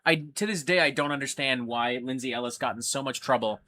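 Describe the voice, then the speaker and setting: Animated, profane male livestream host. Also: mid-range voice, fairly quick. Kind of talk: casual livestream chat.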